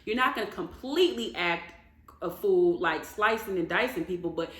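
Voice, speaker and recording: A woman giving casual reaction commentary on a reality show, animated and indignant as she rants. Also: lowish voice, moderate pace. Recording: echoey room.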